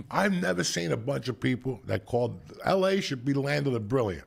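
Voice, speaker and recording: Gravelly animated New Jersey man ranting. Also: medium pitch, fairly quick. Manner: animated, blunt, swears heavily, ranting. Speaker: podcast host. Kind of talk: casual profane storytelling.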